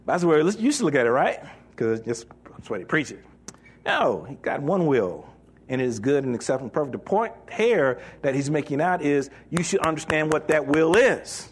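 Animated man preaching with lively pitch. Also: normal speed, a little hiss or hum. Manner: animated, jokey, acts out voices of doubters. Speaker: pastor. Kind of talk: sermon.

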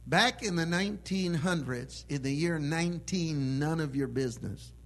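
A man preaching a sermon with emphatic delivery that swells into loud proclamation. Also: on the high side, moderate pace, slight background noise.

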